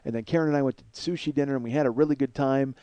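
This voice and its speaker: A man's voice: medium pitch, racing, warm tone, clear, resonant tone, no echo. A man in his forties hosting a podcast, rambling in a self-deprecating, swear-heavy comedic monologue. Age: 40s. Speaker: podcast host.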